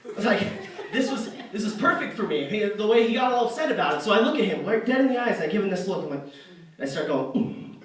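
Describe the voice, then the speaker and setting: Against a noisy background, a young man with a high-pitched voice performs a stand-up set on an arts center stage, recorded distantly in an echoey hall. His story rambles and pokes fun at himself, full of fillers and restarts.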